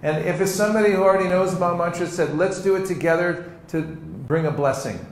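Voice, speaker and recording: A man teaching a seminar, acting out sample conversations in a lively way and laughing often. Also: high voice, quick pace. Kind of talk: teaching with acted-out demonstrations. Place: seminar room with an audience. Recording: roomy hall echo, faint noise.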